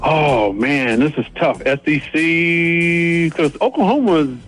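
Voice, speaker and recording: A man's voice: a little high, expressive, slow pace, over music. A man on a casual sports radio panel, thinking aloud and hesitating before making his picks.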